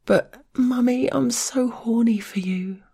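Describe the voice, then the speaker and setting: A woman voicing an eager, whiny young woman who pleads in a breathy whisper. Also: a little high, slow, warm tone, voice pushed up, heavily acted. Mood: pleading.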